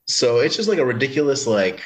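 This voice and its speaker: A man's voice: mid-range voice, sing-song, a little fast. A man guest on a casual podcast, rambling and hedging as he explains things. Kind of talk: casual chat.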